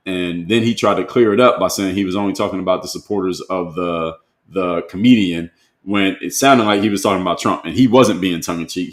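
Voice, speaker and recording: A man hosting a live stream, reading viewer comments aloud and answering them in a conversational way, often repeating rhetorical questions. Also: low-pitched. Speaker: host. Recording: roomy echo.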